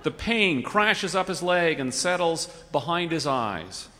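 A man reading a humorous story aloud with wry, measured narration and comic timing. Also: fairly high pitch, very animated, background noise. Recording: reverberant hall.

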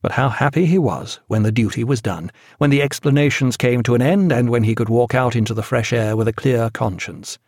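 A man narrating an audiobook in a measured, even storytelling manner, recorded on a close studio mic. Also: mid-range voice, no echo. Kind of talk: scripted narration.

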